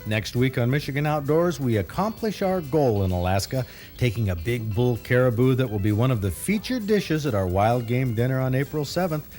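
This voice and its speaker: A man's voice: medium pitch, expressive, normal speed, a little mellow, soft background music. A man hosting a TV outdoors show, giving an upbeat, inviting scripted sign-off.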